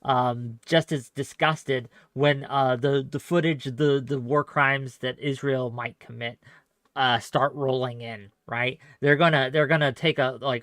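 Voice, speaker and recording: Blunt, bright-voiced male stream host. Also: mid-range voice, steady tone, a little slow, no room sound, clean studio sound. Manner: blunt, profane, emphatic. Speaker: host of a call-in debate stream. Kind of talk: casual live-stream debate talk.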